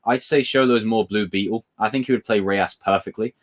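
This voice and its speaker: A man's voice: lowish voice, a little fast. A man hosting a casual live stream. He reads viewer questions aloud, answers them, swears casually and laughs a lot while telling stories.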